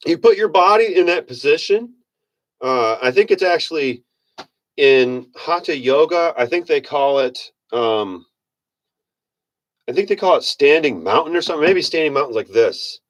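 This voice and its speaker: A man's voice: fairly high pitch, expressive, normal speed. A man giving a casual motivational monologue in a rambling, folksy manner, often correcting himself. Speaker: self-help speaker.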